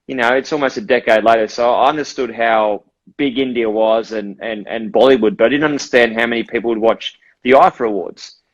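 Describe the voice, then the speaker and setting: Easygoing Australian man on dull phone audio. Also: medium pitch. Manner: relaxed, easygoing storytelling. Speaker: guest. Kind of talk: casual chat on a live stream.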